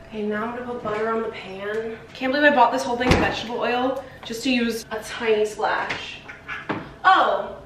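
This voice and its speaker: A woman's voice: a little high, roomy sound, a little hiss or hum. A woman in her twenties, chatty and giggly, narrating a casual vlog in her home kitchen. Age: 20s. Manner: chatty, giggly, gets teary with excitement. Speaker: vlogger.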